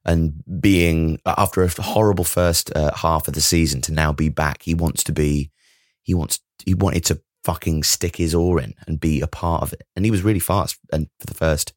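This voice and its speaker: A man co-hosting a podcast, chatting casually with lively swearing and jokes. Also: normal speed, no echo, clean studio sound. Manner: animated, swears, jumps into high mock voices. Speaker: podcast co-host. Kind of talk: casual comedic chat.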